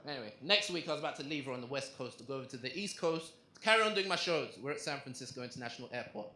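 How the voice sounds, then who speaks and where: A young man performing a stand-up comedy set on a club stage, telling a story in an animated way and acting out the other people's lines. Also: medium pitch, racing, a little hiss or hum. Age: young adult. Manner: animated storytelling with acted-out quotes. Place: comedy club stage before a live audience. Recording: roomy live club recording. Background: audience laughter.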